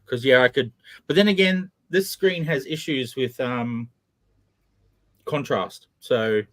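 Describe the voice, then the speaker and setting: A man's voice: mid-range voice, slow pace, no echo. A man hosting a casual live-stream chat, chatty and self-mocking. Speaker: host.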